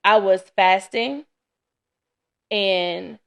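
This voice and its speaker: A woman's voice: medium pitch, very slow, vocal fry, fairly bright tone. A woman hosting a casual solo podcast, chatty and candid, sounding tired and laughing often. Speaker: podcast host. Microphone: camera.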